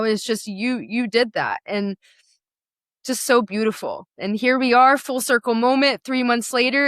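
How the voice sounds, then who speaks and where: Woman, podcast host, affirming, emotional, teary, slightly high voice. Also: fairly bright tone, no room sound. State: teary, laughing. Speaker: podcast host and sales coach. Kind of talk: casual interview conversation.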